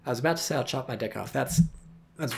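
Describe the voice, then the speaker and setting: A man's voice: medium pitch, quick pace, vocal fry. A man giving casual, profane, sarcastic commentary on a strategy game replay and reading viewer chat aloud.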